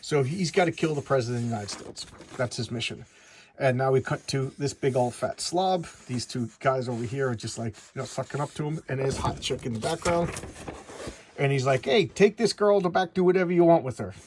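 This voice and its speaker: A man's voice: medium pitch, a little fast, noisy background. A man giving a casual, chatty comic book review, rambling through the story with frequent restarts.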